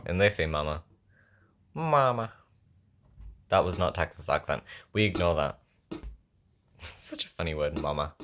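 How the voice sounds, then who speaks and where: A man's voice: a bass voice, moderate pace, long pauses, fairly bright tone. A young man at home with a sore throat, rambling and joking at himself as he works on a song. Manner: rambling, self-mocking, thinking aloud. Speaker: songwriter. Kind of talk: casual chat while writing a song.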